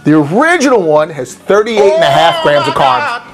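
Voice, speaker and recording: Very animated, with a fairly high pitch and moderate pace, this cocktail channel host walks viewers through a recipe over background music. He keeps it casual and playful, full of rambling tangents and goofy put-on voices.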